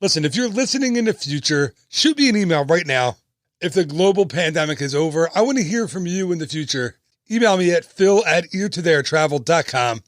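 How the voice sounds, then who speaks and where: A man's voice: fairly high pitch, expressive, brisk, no echo, studio quality. A man in his thirties hosting a casual travel podcast, upbeat and chatty with joking asides. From United States. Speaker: podcast host and travel agent.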